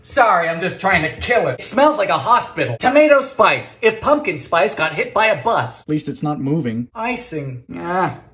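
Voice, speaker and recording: Male home cook, comedic recipe narration; camp, sarcastic, very animated pitch, echoey kitchen. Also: normal speed, few pauses. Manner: campy, theatrical, sarcastic one-liners with sudden loud exclamations. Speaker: home baker.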